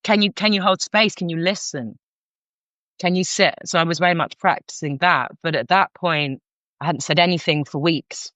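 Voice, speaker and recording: A lowish female voice at normal speed belongs to a middle-aged counsellor from North London with a London accent. As a podcast guest she shares a candid story frankly and animatedly, restarting many times. No room sound comes through, though the recording sounds dull and lo-fi.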